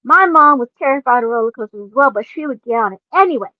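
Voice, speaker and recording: A woman in her forties, a podcast host, casually telling a personal story with lots of laughing and animated asides. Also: high voice, quick pace, dry recording, phone-quality sound.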